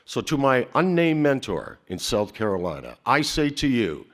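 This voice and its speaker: A man's voice: mid-range voice, big pitch swings, fairly bright tone. Emotional man giving an acceptance speech. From Canada. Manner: emotional, rhetorical, with dramatic pauses. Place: large banquet hall stage.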